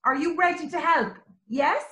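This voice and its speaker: A woman teaching young children, animated and sing-song, with exclamations and little songs. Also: high-pitched, moderate pace. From Ireland. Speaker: early years teacher. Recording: roomy echo.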